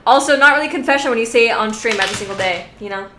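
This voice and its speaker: A woman's voice: fairly high pitch, rapid-fire, noisy background. A woman streamer chatting casually with her viewers, giggly and rambling, swearing freely. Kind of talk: casual live-stream chat. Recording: roomy echo.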